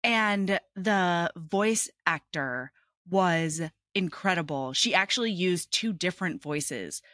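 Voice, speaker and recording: A woman's voice: fairly low pitch, expressive, takes it slowly, fairly bright tone, no room sound, clean studio sound. A woman co-hosting a book podcast, enthusiastic and swearing in casual chat. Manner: enthusiastic, laughs often, swearing. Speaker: podcast co-host.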